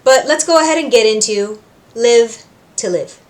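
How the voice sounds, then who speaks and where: A woman from Puerto Rico hosting a reaction video, recapping scenes with animated storytelling and acting out the characters' lines. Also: fairly high pitch, normal speed. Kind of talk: casual recap and commentary.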